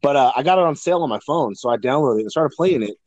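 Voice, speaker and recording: A man's voice: medium pitch, expressive, very fast, darkish tone, dry recording, highs cut off. A man co-hosting a podcast in casual chat, rambling, swearing freely and laughing often. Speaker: podcast co-host.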